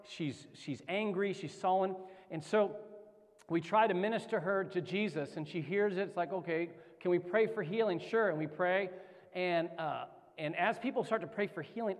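A man's voice: sits high, long reverb tail. A man preaching a sermon as pastor, telling a story and building to fervent exhortation.

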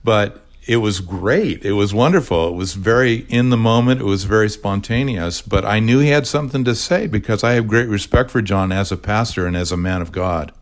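An older man, a retired pastor, explaining his ministry in a measured, careful podcast conversation. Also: on the low side. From California. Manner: measured, explanatory, spells words out.

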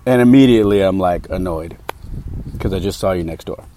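A man's voice: deep voice, little pitch movement, normal speed, warm tone, slight background noise. A man hosting a podcast, telling a story in a candid, heated, casual way with frequent fillers. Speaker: podcast host.

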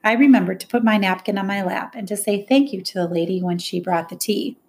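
A woman reading a first-person novel aloud in plain, measured storytelling. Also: medium pitch, a little mellow, husky. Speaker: audiobook narrator. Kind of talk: first-person audiobook narration.

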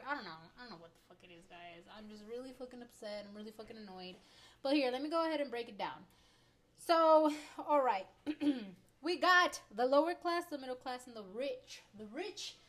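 Profane ranting woman in her twenties. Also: a little high. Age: 20s. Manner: heavily profane, rambling, heated. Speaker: vlogger. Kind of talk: ranting opinion vlog.

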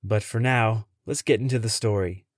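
A man who hosts a podcast, telling a tense first-person story in a measured way. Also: lowish voice, steady tone, dry recording, studio quality.

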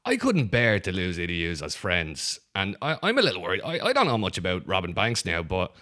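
Man as easygoing Irish robber, quick and animated delivery, lots of restarts. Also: sits low, exaggerated voice. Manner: rambling, stammering restarts, lively. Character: chatty easygoing male Irish bank robber. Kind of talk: improv comedy scene.

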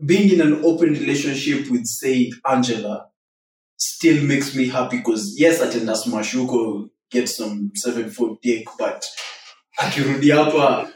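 A man's voice: mid-range voice, measured pace, a little hiss or hum. A young man, chatting casually on a podcast and telling stories in a mix of English and Swahili slang. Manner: relaxed storyteller, mixes English and Swahili slang. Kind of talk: casual chat. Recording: echoey room, far from the mic.

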